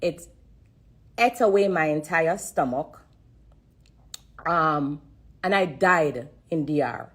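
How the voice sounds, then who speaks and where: Husky low-voiced woman testifying. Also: slow, long pauses. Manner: earnest, repetitive, fighting back tears. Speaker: livestreamer sharing a testimony. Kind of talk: emotional live-stream testimony. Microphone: phone on a social-media live.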